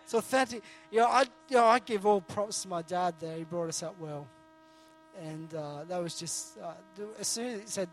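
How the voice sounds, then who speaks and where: Male preacher, high tenor, casual sermon, self-deprecating, stop-start phrasing. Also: normal speed, faint music behind. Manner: earnest, jokey, frequent restarts. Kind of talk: conversational sermon.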